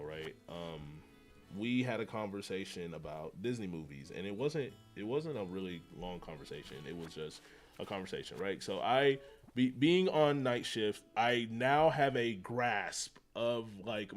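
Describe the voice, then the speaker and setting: A man chatting casually on his gaming livestream, rambling and slangy and often excitable, with frequent laughter. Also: fairly low pitch.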